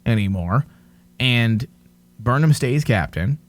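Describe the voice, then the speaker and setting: A man's voice: medium pitch, animated, slow pace. A man co-hosting a casual TV review podcast, ranting in exasperation and swearing now and then. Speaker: podcast co-host.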